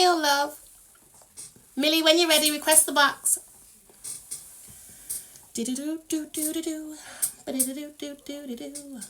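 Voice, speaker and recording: A woman's voice: sits high, fairly bright tone. A British woman hosting a casual live stream, bubbly, laughing often and humming little tunes while she waits. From United Kingdom. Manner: bubbly, laughs a lot, hums filler tunes. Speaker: livestream host.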